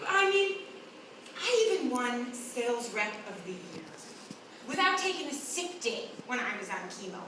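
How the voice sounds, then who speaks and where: A woman's voice: very high voice, lively intonation, a little slow. A woman delivering a profane comic monologue, blunt and wry. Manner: blunt, heavy swearing, wry. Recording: echoey room from a distance, noisy.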